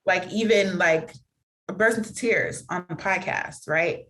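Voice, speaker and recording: This woman speaks with a slightly low voice as a podcast guest, talking candidly about her own experience. She leans on fillers like "like" and "you know," and her delivery is earnest and reflective. She breaks into quick, animated impressions of other people as she tells stories. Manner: animated storytelling with quick acted-out quotes.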